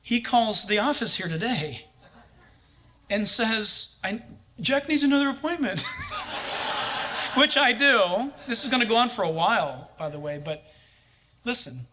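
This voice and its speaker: High, bright-voiced man telling a story. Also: a little slow. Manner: lively anecdotal storytelling, chuckling at times. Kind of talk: storytelling in a sermon.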